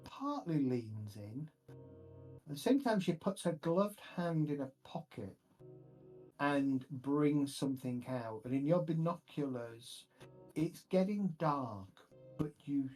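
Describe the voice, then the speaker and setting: A man narrating a tabletop horror game as game master, describing scenes slowly and carefully. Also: a little high, a little mellow, low-quality recording. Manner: slow, measured scene narration. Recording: faint music behind.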